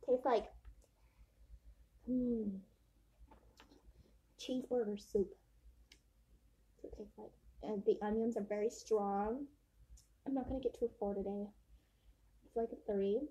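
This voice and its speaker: A vlogger giggles and chats casually while tasting hot sauce in a hotel room, drawing out her lists. Her voice is medium-pitched with fairly even intonation, and the recording is rough.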